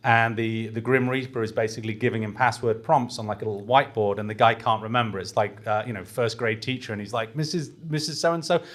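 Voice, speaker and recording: A man's voice: on the low side, little pitch movement, quick pace, few pauses. A man talking through ads in a casual panel chat, with lots of fillers and restarts. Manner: hesitant, many fillers and restarts. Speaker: podcast panelist.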